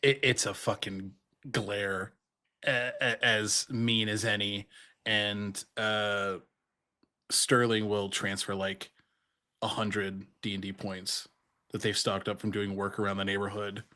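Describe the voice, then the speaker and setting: Woman with a super deep voice, slow, blunt, swears a lot, rpg player. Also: flat delivery, pushed and bright. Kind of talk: tabletop role-play.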